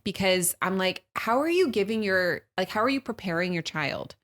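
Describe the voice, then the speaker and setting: A woman in her thirties co-hosting a podcast, telling a family story with lively acted-out quotes. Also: medium pitch, normal speed. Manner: animated storytelling, acts out her kids' and her own quotes. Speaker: podcast co-host. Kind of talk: casual chat.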